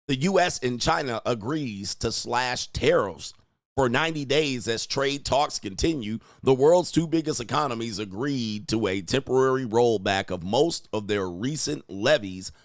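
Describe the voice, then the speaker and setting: A man hosting a news commentary channel, reading headlines and reacting in an animated, slangy way, often quoting people in put-on voices. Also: medium pitch, normal speed, dry recording, studio quality.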